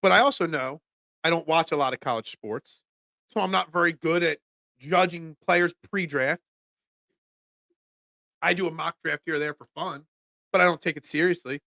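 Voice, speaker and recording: High, bright-voiced sports talk host. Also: male voice, moderate pace, gravelly, long pauses, no echo. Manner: animated, ranting, self-deprecating. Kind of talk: casual live-stream sports talk.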